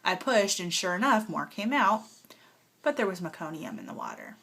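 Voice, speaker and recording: A woman's voice: fairly low pitch, huge pitch swings, moderate pace, vocal fry, sharp tone, husky. A young woman telling her birth story as a casual home vlog, emotional and rambling with lots of fillers, holding a nursing baby as she talks. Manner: emotional, rambling with many fillers, tearful at times.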